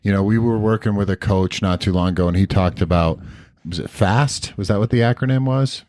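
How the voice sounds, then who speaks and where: A tired man with a very deep voice co-hosts a casual podcast, rambling and restarting his sentences. The recording is dry and close. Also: a little fast, darkish tone, no room sound. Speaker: podcast co-host.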